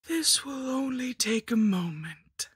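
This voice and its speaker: A crooning old lich hag. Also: female voice, sits high, lively intonation, dry recording, studio quality, voice pushed up, full character voice. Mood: crooning menace. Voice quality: breathy, husky whisper. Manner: cooing, slow, crooning. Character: sweetly menacing old female lich hag.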